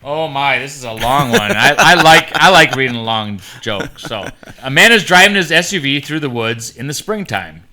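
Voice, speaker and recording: Chatty male co-host, bright lively voice, reads jokes aloud, faint music behind. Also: medium pitch, normal speed. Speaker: podcast co-host. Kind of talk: casual chat and joke reading.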